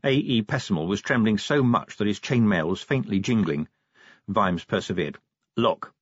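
A man narrating an audiobook in an animated, expressive way, doing character voices, on a dull recording. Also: on the low side, moderate pace, breathy edge, dry recording.

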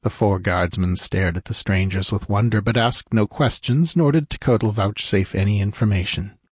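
Low husky man narrating. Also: moderate pace, no room sound, studio quality. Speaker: audiobook narrator. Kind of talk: scripted narration.

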